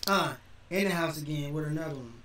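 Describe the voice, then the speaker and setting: High-voiced man rambling in an echoey room. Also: fast, a bit bright, far from the mic, a little hiss or hum. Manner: rambling, repeats himself, restarts often. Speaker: reaction video host. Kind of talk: casual rambling reaction.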